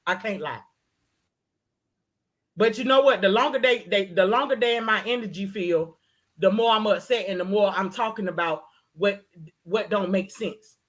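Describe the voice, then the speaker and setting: A woman's voice: medium pitch, moderate pace. A woman hosting a casual talk, ranting in a heated, emphatic way and repeating her points. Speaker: host. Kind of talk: casual chat.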